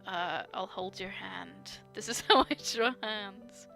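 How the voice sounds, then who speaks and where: A woman's voice: medium pitch, slow, vocal fry, bright, forceful tone, faint music behind. A young woman chatting casually while drawing on stream, rambling with many fillers and frequent laughs, gushing about art. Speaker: artist streamer.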